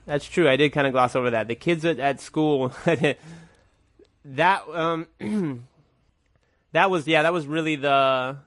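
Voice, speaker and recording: A man's voice: mid-range voice, fairly bright tone, no echo, studio quality. A man guest with a stuffy nose, telling a loose, rambling story in casual talk.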